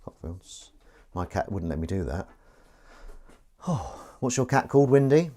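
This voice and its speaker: Guy moaning and swearing over the washing up, lowish voice that swings up and down a lot. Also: sing-song, normal speed, mellow. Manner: grumbling, swears a lot, talks to viewers. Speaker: livestream host. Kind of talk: casual chat while washing up. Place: home kitchen sink.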